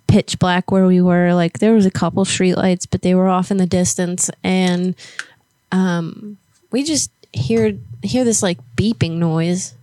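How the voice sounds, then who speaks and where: A woman's voice: fairly low pitch, darkish tone, dry recording. A woman from Florida co-hosting a casual live show, telling a story in a blunt, candid way with casual swearing. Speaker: podcast co-host. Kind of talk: casual live-stream chat.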